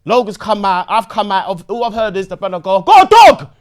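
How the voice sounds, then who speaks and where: A young man telling a story in casual chat, full of slang, acting out voices with shouts and sound effects. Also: sits high, fairly even intonation, fast, smooth. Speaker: podcast guest.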